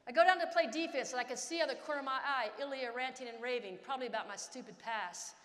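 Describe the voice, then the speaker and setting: A woman's voice: sits high, fast, a bit bright. A woman in her fifties giving a dramatic motivational keynote, telling stories and acting out scenes. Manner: dramatic, acts out scenes and voices. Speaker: keynote speaker. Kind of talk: motivational storytelling speech. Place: large conference hall. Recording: long hall reverb.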